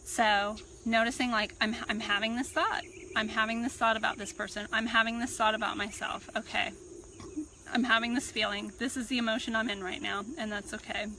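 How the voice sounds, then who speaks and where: Woman talking self-help outdoors, bright slightly high voice, calm and reflective, birds and crickets faint behind. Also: a little hiss or hum, poor audio. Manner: calm, reflective, unhurried teaching. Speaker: personal growth coach. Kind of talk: self-help talk to camera. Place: outdoors on a farm.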